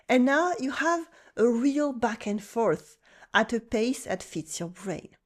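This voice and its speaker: A woman with a French accent teaching French, narrating a calm, encouraging scripted lesson. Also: fairly high pitch. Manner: calm, encouraging, acts out short French dialogue lines.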